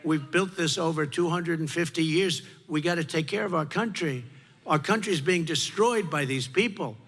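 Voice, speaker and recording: At a moderate pace, a slightly high, fairly bright voice with a breathy edge delivers an unscripted campaign speech, faint music playing behind. An older candidate at a podium repeats short, forceful lines to a big crowd, heard faintly through a reverberant PA.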